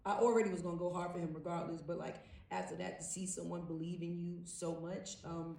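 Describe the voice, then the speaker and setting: Animated woman in an echoey hall. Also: on the low side, fairly quick, slight background noise. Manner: animated, laughing, slangy storytelling. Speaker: panel guest actor. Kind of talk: casual panel storytelling. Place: large event hall. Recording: echoey hall, distant mic.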